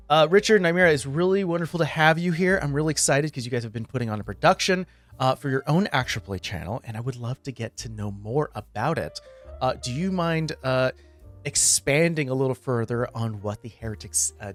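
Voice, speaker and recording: A man's voice: medium pitch, a little fast, a bit bright, faint music behind. Upbeat male interview host. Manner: upbeat, laughs easily. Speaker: podcast host. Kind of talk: casual interview.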